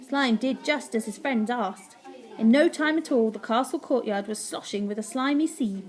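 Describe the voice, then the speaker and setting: A woman teacher reading a story aloud to her class, animated and playful, with sound effects. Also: a little high, moderate pace.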